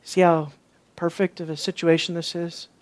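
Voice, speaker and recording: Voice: medium pitch, flat delivery, normal speed. Preacher mid-sermon: insistent, repeats points, questions the congregation. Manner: rhetorical questions and emphatic repetition.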